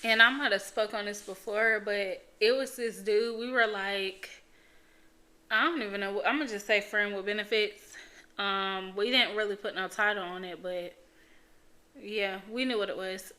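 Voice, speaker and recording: A woman's voice: mid-range voice, normal speed, sharp tone. A young woman hosting her own podcast, talking frankly and bluntly in casual chat, swearing freely and leaning on fillers. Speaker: podcast host. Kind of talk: casual solo podcast talk.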